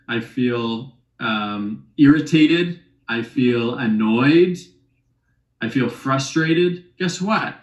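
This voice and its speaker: A man's voice: mid-range voice, expressive, very slow, muffled recording. A man leading a relationship workshop, talking casually and teasing his audience with rhetorical questions. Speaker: workshop teacher. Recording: echoey room.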